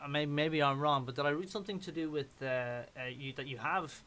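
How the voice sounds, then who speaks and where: A man's voice: a little high, fairly quick, bright, forceful tone. A man hosting a radio arts show, often repeating words as he finds his phrasing. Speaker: radio host. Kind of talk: radio interview chat.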